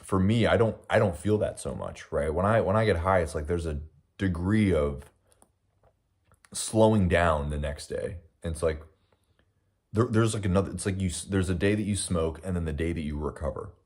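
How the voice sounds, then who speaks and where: Young american man, low voice, casual rambling chat, mouth full of breakfast, reading chat comments. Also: normal speed, darkish tone, slightly rough. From United States. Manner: rambling, reflective, frequent fillers and restarts; talking while eating. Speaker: livestream host.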